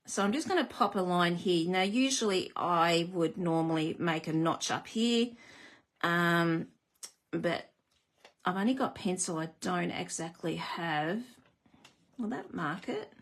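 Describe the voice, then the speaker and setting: Chatty woman hosting a live card-making stream, lower-pitched, teasing herself as she works. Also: a little slow. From Australia. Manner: chatty, self-deprecating, greets viewers. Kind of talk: live craft demonstration.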